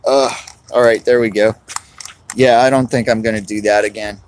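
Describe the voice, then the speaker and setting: A man's voice: fairly low pitch, fairly even intonation, moderate pace. A man, live-streaming outdoors on a cold, windy day, rambling and greeting chat viewers by name.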